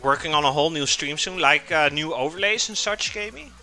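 A man's voice: a little high, expressive, a little fast, pushed and bright, soft background music. A man streaming live from his home kitchen, chatting casually and answering viewer chat while he cooks.

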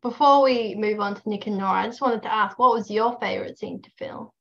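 Woman, Australian accent, podcast co-host, playful, mid pitch, dull lo-fi recording. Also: fairly quick, gravelly. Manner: playful, self-deprecating. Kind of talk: casual chat. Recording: dull lo-fi mic.

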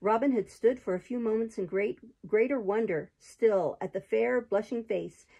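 Woman with a soft, breathy reading voice. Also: a little high, moderate pace, lo-fi sound. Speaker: host reading a book aloud. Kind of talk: storybook read-aloud.

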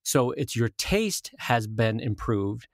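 A man's voice: medium pitch, very animated, takes it slowly, no echo, studio quality. A man co-hosting a casual podcast, telling stories in a jokey way and acting out quotes. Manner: storytelling, jokey, acts out quotes. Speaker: podcast co-host, cartoonist.

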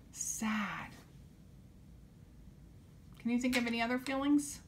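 A woman teaching young children, gently coaxing them to repeat simple phrases after her. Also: medium pitch, very animated, drawn-out words, pauses often, slight background noise. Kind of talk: children's lesson.

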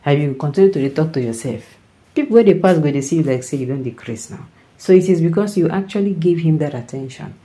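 A Nigerian commentator talks through the news in a loose, conversational way, keeping listeners engaged with repeated rhetorical checks. The voice sits at a middling pitch with a dark, mellow tone. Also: lively intonation, fast, low-quality recording. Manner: conversational, keeps asking "you understand?". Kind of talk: opinion commentary in Nigerian Pidgin.

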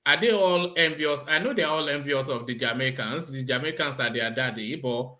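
A man's voice: medium pitch, moderate pace, pushed and bright. A man hosting an interview, asking probing questions and stumbling over his starts. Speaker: host.

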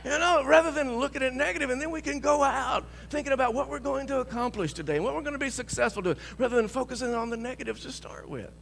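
A male pastor preaching a sermon, telling a story with lots of chuckles and shouting out bold declarations. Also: very high voice, fast talker, gravelly, few pauses, in a large hall, a little hiss or hum.

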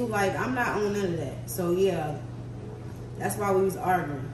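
A woman's voice: mid-range voice, a little slow, background noise. A woman vlogger talking casually and candidly to her viewers, venting about her day. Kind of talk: casual vlog chat. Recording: echoey room, mic at a distance.

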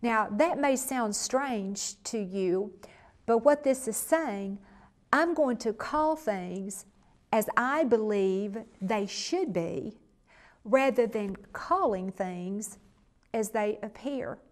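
A woman's voice: a little high, slow pace. A middle-aged woman, preaching a sermon and counseling from her own life, telling stories earnestly and acting out the quotes. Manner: earnest, lively storytelling, acts out quotes. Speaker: minister and counselor. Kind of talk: sermon teaching.

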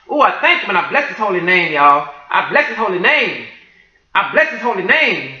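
A woman's voice: mid-range voice, big pitch swings, normal speed, bright, forceful tone. A woman pours out praise and testimony to her online viewers with fervent exclamations. Her voice is tense and piercing. The home recording sounds dull and lo-fi in a reverberant room. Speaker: Christian video creator sharing a prophetic dream.

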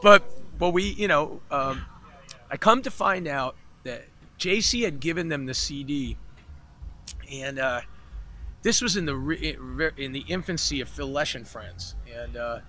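A man's voice: medium pitch, a little slow, a little hiss or hum. A man, a podcast guest, tells a long story in a casual interview and acts out the voices of the people in it. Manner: animated storyteller who acts out the voices in his anecdotes. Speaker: podcast guest, keyboard player. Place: festival grounds, outdoors or backstage.

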